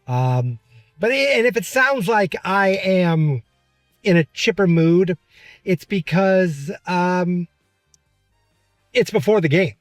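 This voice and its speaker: A man's voice: sits high, animated, slow pace, pauses often, no echo, faint music behind. A man with a New England accent, a podcast host chatting casually in a rambling, self-correcting way while driving his car. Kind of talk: casual vlog-style talk.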